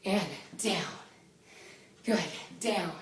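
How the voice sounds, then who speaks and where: A woman leading a home workout, with a loud voice, out of breath as she exercises and counts reps in a chatty way. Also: mid-range voice, drawn-out words, slight background noise. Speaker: fitness instructor. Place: small indoor room. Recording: echoey room from a distance.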